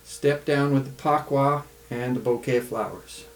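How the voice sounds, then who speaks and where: A man teaching tai chi in a home studio, calmly calling out the steps of a follow-along routine. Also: medium pitch, soft background music. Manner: calm, relaxed, calls out steps slowly. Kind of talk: follow-along movement instruction. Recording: echoey studio room.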